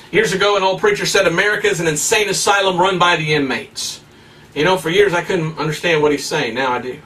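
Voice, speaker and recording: A man's voice: sits high, a bit bright, distant mic. A man preaching a sermon in a fiery, emphatic way, full of rhetorical questions.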